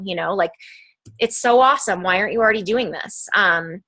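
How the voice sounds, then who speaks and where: A young adult woman leading a team call as a coach, talking casually with lots of "like" and "um" and quick tangents. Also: medium pitch, a bit bright. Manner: chatty, peppered with "like" and "um", fast tangents. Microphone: phone or computer call mic.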